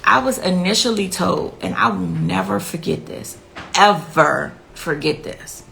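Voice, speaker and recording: A woman's voice: on the low side, measured pace, gravelly, fairly bright tone, slight background noise, rough recording. A woman, a grieving mother, giving a blunt and impassioned interview account, repeating herself for emphasis. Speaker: victim's mother telling her story.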